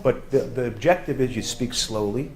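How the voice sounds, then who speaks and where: A man with a New York accent teaching a sales seminar, talking fast and loud with a joking, animated manner. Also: medium pitch. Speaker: sales trainer. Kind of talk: classroom sales seminar talk.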